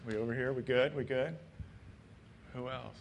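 A man's voice: medium pitch, moderate pace, vocal fry. A man leading a church service as pastor, joking as he passes the microphone around the congregation. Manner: joking, relaxed. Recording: congregation and room noise behind.

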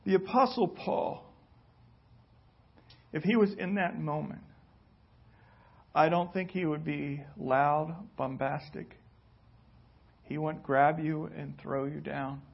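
A male pastor giving a sermon, telling stories dramatically and slowly. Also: fairly high pitch, fairly even intonation, gravelly, slightly rough. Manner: dramatic storytelling, slow and deliberate. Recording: dull lo-fi recording.

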